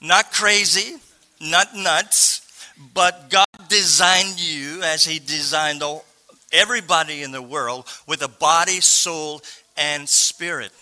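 A man, slightly sore-voiced, preaching as a guest speaker in halting speech with many pauses and restarts. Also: on the high side, steady tone, bright, forceful tone. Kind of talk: sermon.

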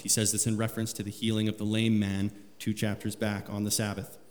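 A man preaching a sermon, reading scripture aloud with rising emphasis. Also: darkish tone. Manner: rises in pitch and volume when reading scripture aloud. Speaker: pastor. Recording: long hall reverb.

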